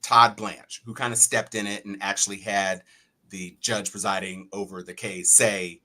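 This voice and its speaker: A man's voice: lowish voice, flat delivery, normal speed, sharp tone. A man co-hosting a casual political chat, wry and laughing as he acts out quotes. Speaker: podcast co-host.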